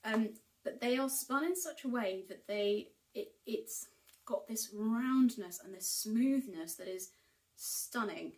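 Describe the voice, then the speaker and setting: A woman's voice: on the high side, takes it slowly, a little mellow. A woman chatting casually to camera about her knitting purchases, enthusiastic and full of ums and likes. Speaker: knitting vlogger. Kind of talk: casual haul chat to camera. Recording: voice picked up from a distance.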